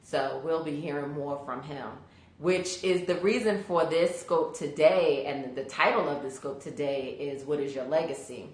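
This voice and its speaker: A woman's voice: sits low, moderate pace, darkish tone, reverberant. A woman career coach hosting a casual live stream, chatty and greeting viewers by name, sleepy from allergies.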